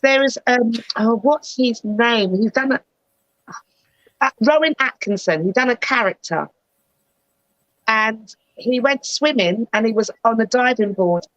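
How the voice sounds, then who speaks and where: A woman's voice: on the high side, a little slow, fairly bright tone, dry recording, dull audio. A middle-aged woman and actress, chatting playfully as a guest on a talk show. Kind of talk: casual chat.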